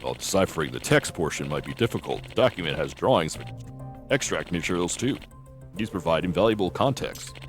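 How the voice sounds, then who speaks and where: A man voicing a middle-aged male folklore professor from a game, speaking low, measured and formal. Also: animated, soft background music. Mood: explaining.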